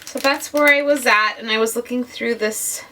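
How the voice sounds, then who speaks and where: Woman crafter chatting to camera, bright and a little nasal, voice set back from the mic with faint hiss. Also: fairly high pitch, normal speed, far from the mic. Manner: chatty and gushing, addresses viewers directly. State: slightly nasal from a summer cold. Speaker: scrapbooking vlogger. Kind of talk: casual craft process narration.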